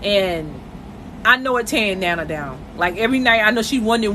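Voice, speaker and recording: Woman, live streaming from bed at home, bright tone, emotional and chatty, faint noise behind. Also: medium pitch, expressive, fairly quick. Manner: emotional, conversational, addresses viewers directly. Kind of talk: casual live-stream monologue. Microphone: phone.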